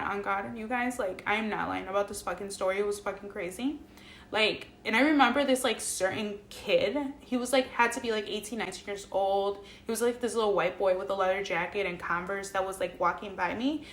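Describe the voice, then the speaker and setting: Young woman vlogger, casual storyteller, profane and emotional, mid-pitched, recorded in an echoey room. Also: steady tone, fairly quick, fairly bright tone, a little hiss or hum. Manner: profane, emotional, lots of fillers.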